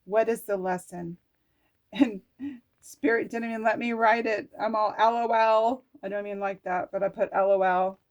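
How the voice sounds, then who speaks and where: A woman's voice: medium pitch, fairly even intonation, normal speed, dull audio. A middle-aged woman chatting through an oracle card reading, talking to herself and reading card texts aloud with casual swearing.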